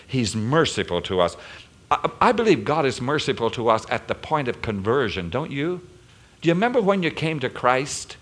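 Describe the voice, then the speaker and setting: Animated preacher man asking his church questions. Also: mid-range voice, normal speed. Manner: emphatic, asks the congregation questions. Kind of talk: sermon.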